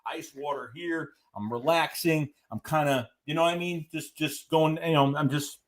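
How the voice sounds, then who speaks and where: A man's voice: on the high side, normal speed. A man hosting a live-stream fan show, ranting in a rambling way, repeating himself and reading out viewer chats. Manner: rambling, repeats phrases, many fillers; reads viewer chats aloud between rants. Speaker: fan channel host. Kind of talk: live-stream sports rant.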